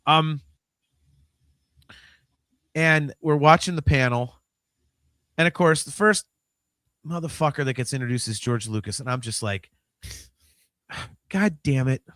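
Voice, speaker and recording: A man of about fifty, hosting a podcast in casual chat, animated and swearing freely, swinging between mumbling asides and loud outbursts. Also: fairly high pitch, measured pace, pauses often, dry recording, clean studio sound. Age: 50s. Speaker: podcast host.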